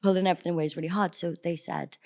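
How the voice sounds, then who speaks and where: Late-20s woman, actress guest, lowish voice, animated slangy anecdotes, casual chat. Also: racing, vocal fry.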